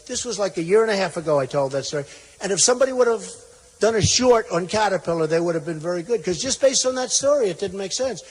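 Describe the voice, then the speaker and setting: Man, high-pitched, rally speaker, rambling and repetitive storyteller, reverberant hall. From United States. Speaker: political candidate at a rally. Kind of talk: rally speech. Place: large indoor rally venue. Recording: long hall reverb, faint noise.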